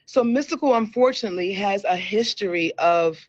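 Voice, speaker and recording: A woman's voice: medium pitch, brisk. A talkative woman hosts a casual entertainment news chat, often repeating words for emphasis. Her voice sounds slightly dull and muffled, with very little room echo. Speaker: show host.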